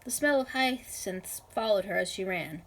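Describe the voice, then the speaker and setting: A woman reading a novel aloud in a measured, expressive way. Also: mid-range voice, poor audio. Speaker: reader.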